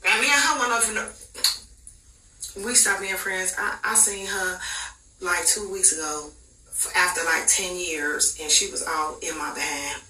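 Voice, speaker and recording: Bright-voiced woman telling a wild story. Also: lowish voice, a little slow, distant mic, a little hiss or hum. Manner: animated, slangy, dramatic retelling. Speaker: podcast host. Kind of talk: casual storytelling. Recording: roomy echo, off-mic.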